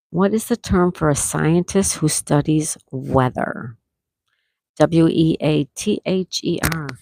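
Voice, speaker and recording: A woman hosting a live-stream trivia game, reading viewers' answers aloud and repeating each question slowly. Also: sits low, vocal fry, a little mellow. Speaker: trivia host.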